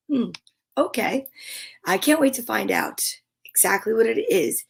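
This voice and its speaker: A middle-aged woman hosting a live show for children, bubbly and playful, reading names from the chat and chatting warmly. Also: a little high, animated, unhurried, vocal fry, breathy edge. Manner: bubbly, playful, sing-song. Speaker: children's livestream host.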